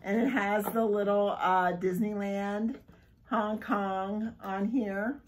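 A woman filming a casual unboxing vlog, gushing and giggling excitedly as she talks. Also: medium pitch, slow pace, low-quality recording. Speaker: vlogger unboxing a subscription box.

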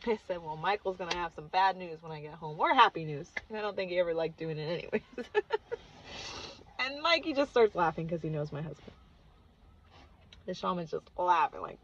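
Animated woman telling a story, lo-fi. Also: fairly low pitch, fairly quick, long pauses, breathy edge. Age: adult with children. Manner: animated, acts out quotes with big swings in loudness. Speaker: vlogger recounting a retreat. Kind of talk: casual storytelling monologue.

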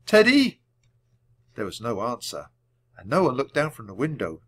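A man reading a children's book aloud at a clear, measured storytelling pace. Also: lowish voice, very animated. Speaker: audiobook reader.

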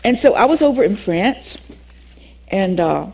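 An older woman teaching a Bible class, telling a personal story in an animated way, acting out the dialogue and laughing often. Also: mid-range voice, a little slow, vocal fry, breathy edge.

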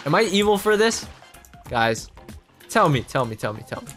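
A man hosting a gaming channel, giving excitable gameplay commentary straight to his viewers. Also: a little high, moderate pace, soft background music.

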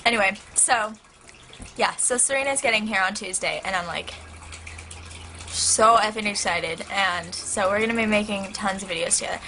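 Teen girl vlogger, crisp bright tone, gushing and rambling, soft aquarium filter hum behind her. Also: medium pitch, moderate pace, low-quality recording. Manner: excitable, rambling, heavy use of "like". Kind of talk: casual chat to camera. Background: turtle tank filter hum.

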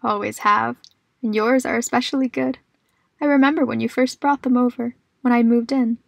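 Woman doing sweet chatty old lady, kinda high and thin, frail. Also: fairly even intonation, normal speed, gravelly, dry recording. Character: frail doting elderly woman neighbor.

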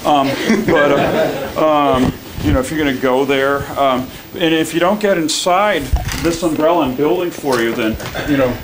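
A man's voice: a little high, a little slow, hardly any pauses, background noise. Rambling, jokey man performing live. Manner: rambling, jokey, laughing, leading chants. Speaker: performance artist. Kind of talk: live absurdist performance with audience chants. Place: small venue with live audience. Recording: live room with loud crowd.

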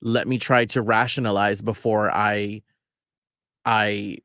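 Low-voiced man radio co-host, measured and thoughtful, dry sound. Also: flat delivery, a bit bright, dry recording. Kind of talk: casual chat.

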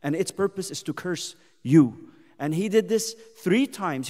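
A man teaching a youth Bible study as a sermon, impassioned, firing rhetorical questions and speaking God's pleas in first person. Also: high-pitched. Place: church hall. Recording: long hall reverb.

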